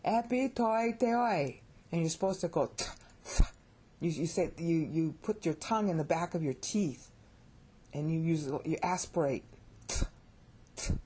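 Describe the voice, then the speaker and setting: Speaking at a moderate pace in a casual video lesson, a middle-aged American woman with a low, husky, warm and mellow voice teaches Bible Greek with chatty animation. Her voice rises whenever something thrills her, she keeps asking viewers "okay?", and she makes fun of her own pronunciation.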